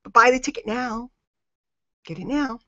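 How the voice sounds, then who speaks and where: A woman with a slightly high voice coaches her sales team on a call, leaning hard on repeated phrases. Her talk is emphatic and motivational. The audio is dull and lo-fi, and the sound is very dry. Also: moderate pace, pushed and bright, no echo. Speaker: network marketing coach.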